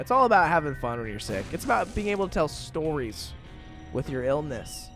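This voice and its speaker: A man's voice: on the high side, big pitch swings, fairly quick, a bit bright, faint music behind. A man in his twenties casually chatting while playing a game, rambling through stories with lots of fillers. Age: 20s. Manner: rambling storytelling with many fillers. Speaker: gaming YouTuber. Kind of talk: casual let's-play commentary.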